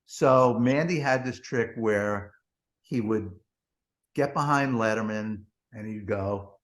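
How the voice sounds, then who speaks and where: A man's voice: on the low side, takes it slowly. A man, a former TV producer guesting on a podcast, telling rambling, profane backstage anecdotes full of "he goes" and "blah, blah.". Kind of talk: anecdotal storytelling.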